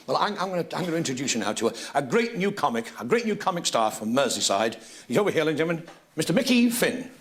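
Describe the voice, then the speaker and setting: A man's voice: fairly high pitch, racing, hardly any pauses, crowd noise. A man with a Liverpool accent hosting a comedy show, telling jokes and chatting with guests. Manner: jokey, animated storyteller. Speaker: comedian host. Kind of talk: stand-up comedy and audience chat. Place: TV studio before a live audience. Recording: noisy TV studio with loud audience.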